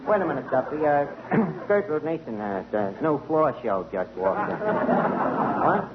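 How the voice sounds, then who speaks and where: A man's voice: on the high side, lively intonation, a little slow, heavy background noise. An actor playing a wisecracking tavern manager with tough-guy slang, in 1940s radio comedy style, on a tinny old broadcast. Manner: Brooklyn tough-guy slang with ungrammatical speech. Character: wisecracking male tavern manager, fast-talking.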